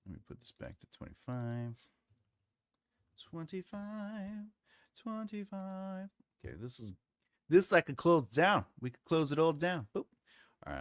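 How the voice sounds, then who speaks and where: A man's voice: fairly high pitch, fairly bright tone, no room sound. A male writing channel host in casual, playful livestream chat, laughing often and trying out cartoon voices.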